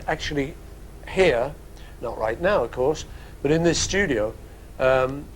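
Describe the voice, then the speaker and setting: A man's voice: mid-range voice, a little hiss or hum. A man hosting a music program from a studio, answering listener questions in a rambling, jokey, casual way. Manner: rambling and jokey, with playful asides. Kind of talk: casual chat.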